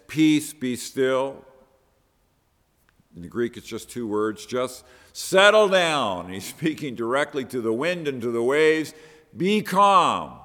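A man's voice: mid-range voice, a bit bright. A man preaching a sermon on a Bible passage, earnest, often repeating words as he stresses a point. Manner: earnest, repeats words, quotes with rising emphasis. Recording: long hall reverb.

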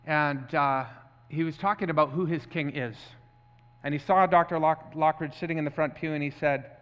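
A pastor giving an impassioned, repetitive sermon, recorded muffled in an echoey hall. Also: male voice, on the high side, steady tone, moderate pace.

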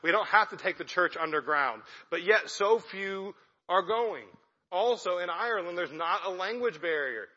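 Speaking to a church congregation, a young male missionary gives a conversational, self-deprecating talk. His voice sits high and sounds pushed and bright, animated at a moderate pace, while the recording is dull and lo-fi with hall echo.

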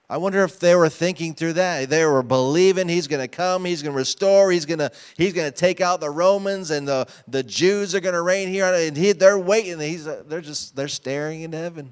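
A man's voice: a little high, fairly quick, few pauses, clear, resonant tone. A pastor preaching a sermon to his congregation, emphatic and often asking them questions. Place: church sanctuary.

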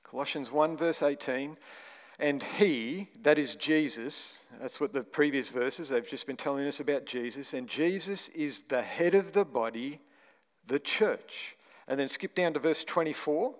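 A man's voice: mid-range voice, measured pace. Man preaching in a reverberant hall. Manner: emphatic, stresses single words, rhetorical questions. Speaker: pastor. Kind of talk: sermon.

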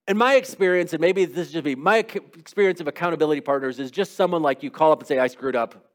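Here a middle-aged pastor preaches with a voice on the high side at a quick pace. His sermon feels like conversation, full of rhetorical questions and small quotes he performs.

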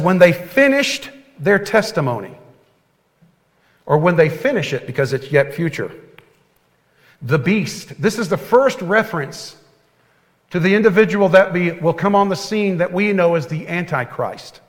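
A man preaching a sermon as pastor, earnest and folksy, often dropping to a soft hush. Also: high-pitched, expressive, normal speed. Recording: long hall reverb.

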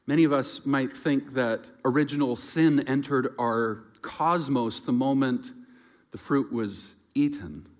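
A man preaching a sermon in a reflective, conversational way, moving between loud emphasis and quiet asides. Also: mid-range voice, unhurried.

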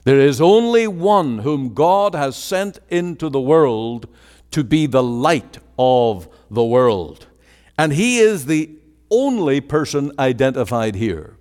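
A man's voice: on the high side, a little mellow, clear, resonant tone. A man preaching a sermon with an emphatic, rising and falling cadence. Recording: long hall reverb.

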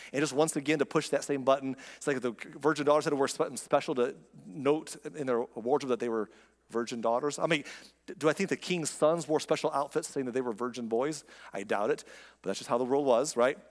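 A man's voice: fairly high pitch, big-room sound. A man preaching a sermon as pastor, talking to the congregation in a conversational, emphatic way and asking rhetorical questions.

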